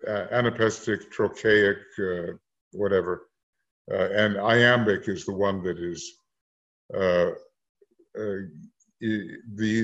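A man with a lowish voice talks slowly and haltingly, full of pauses and fillers, as he leads a group discussion. The sound is muffled and lo-fi. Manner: slow, halting, many fillers. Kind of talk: casual esoteric discussion.

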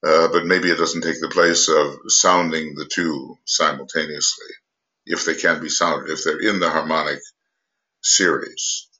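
An older man giving an unscripted spiritual lecture, halting with many pauses, fillers and restarts. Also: extremely low pitch, steady tone, bright, forceful tone, lo-fi sound. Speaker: esoteric teacher.

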